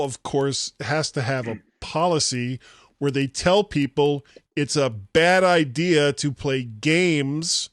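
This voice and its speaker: A man's voice: mid-range voice, clear, resonant tone, no echo, studio quality. A man hosting a casual tech podcast, wry and lightly sarcastic as he reads out news stories and comments on them. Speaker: podcast host.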